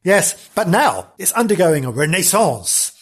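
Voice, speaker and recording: A man hosts a podcast and tells the story with theatrical gusto, piling on exclamations and jokes. His voice sits fairly high and swoops widely, with a slightly husky edge. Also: sing-song, unhurried, fairly bright tone. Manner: theatrical and gushing, with big exclamations and self-aware jokes. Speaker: podcast host. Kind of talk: chatty comic storytelling.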